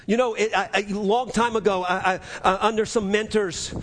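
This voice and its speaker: A man preaches with a high, earnest voice, circling back and repeating his phrases as he presses his point. His sermon rings out with the long reverb of a large church hall. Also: steady tone, normal speed, a bit bright. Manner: earnest, repetitive preaching with many restarts. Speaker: pastor.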